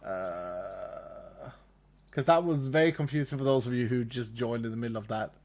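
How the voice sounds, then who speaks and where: A Swedish-accented livestreamer from Sweden chats casually with his audience at a normal pace, his mid-range voice darkish in tone. He chuckles often, repeats his phrases, and talks to the chat.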